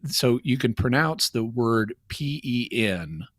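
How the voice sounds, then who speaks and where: A man's voice: medium pitch, lively intonation, takes it slowly, a bit bright, no echo. A man from the Ozark Mountains of Arkansas with an Ozark accent, a caller explaining at length with many fillers and restarts. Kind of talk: casual call-in chat.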